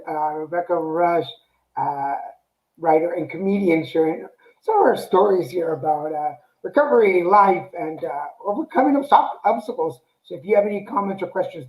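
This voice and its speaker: Male stream host, high pitch, earnest and halting, echoey room. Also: a little mellow. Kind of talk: interview talk.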